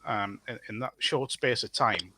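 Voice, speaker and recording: A man's voice: lowish voice, measured pace, noisy background. A man speaking as a podcast guest, talking in a thoughtful way with fillers and restarts. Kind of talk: casual podcast chat.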